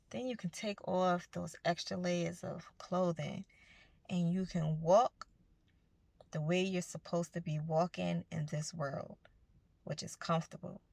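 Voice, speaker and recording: A woman's voice: on the low side, steady tone, normal speed, creaky, a little mellow, dry recording. A woman giving a casual, earnest motivational talk to her viewers, speaking conversationally about spiritual growth. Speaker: self-help vlogger.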